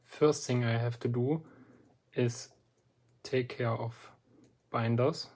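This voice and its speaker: Slow, deliberate man explaining a lock. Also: medium pitch, steady tone, a little mellow. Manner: slow and deliberate, pauses often between phrases. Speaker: lock picking hobbyist presenting a lock. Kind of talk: relaxed instructional walkthrough.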